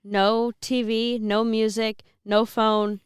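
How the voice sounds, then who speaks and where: A woman's voice: a little high, little pitch movement, takes it slowly, smooth, no room sound, clean studio sound. A woman in her twenties, a seminarian co-hosting a podcast, chatting casually with frequent laughs and rambling restarts. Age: 20s.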